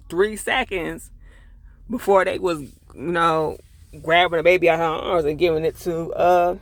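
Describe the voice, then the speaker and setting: A man's voice: on the high side, vocal fry, no echo. A man giving a casual, chatty episode recap and review, full of fillers and asides to viewers, acting out characters' lines and getting heated when annoyed. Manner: acts out characters' lines while retelling scenes.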